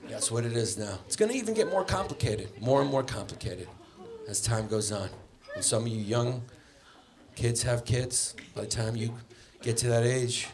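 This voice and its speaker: A man's voice: medium pitch, normal speed. A male stand-up comedian doing a crude, playful set on a comedy club stage, talking into a handheld mic. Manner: animated, crude, playful, with voices. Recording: live club with crowd laughter.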